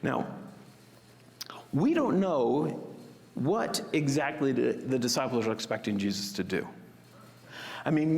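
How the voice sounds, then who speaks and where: A man preaching a sermon as pastor, expressive and acting out the disciples' panicked cries. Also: fairly high pitch, big-room sound.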